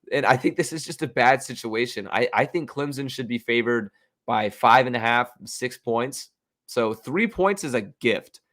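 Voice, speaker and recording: An excitable man runs through his football betting picks in a loose, rambling way. He is opinionated and full of restarts, and his voice sits in an ordinary middle pitch. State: hiccups. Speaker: sports betting podcast host. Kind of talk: casual sports betting talk.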